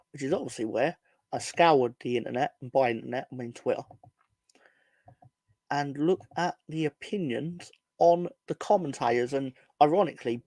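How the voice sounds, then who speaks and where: A man's voice: medium pitch, a little mellow, no echo. A man co-hosting a casual football fan show, rambling and sardonic, swearing freely. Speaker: football podcast co-host.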